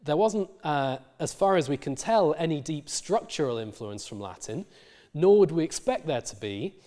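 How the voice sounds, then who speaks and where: Lecturing man, slightly high voice, um-filled. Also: lively intonation, moderate pace, warm tone. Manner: explanatory, many fillers and restarts. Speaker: university lecturer. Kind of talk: recorded lecture.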